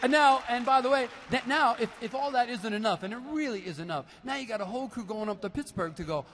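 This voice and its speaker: Between songs, a percussionist with a very high-pitched voice, speaking a little fast, entertains the concert crowd with animated stories and playful asides. The venue is a big basketball arena serving as a concert hall, and the live recording has long reverb and faint noise.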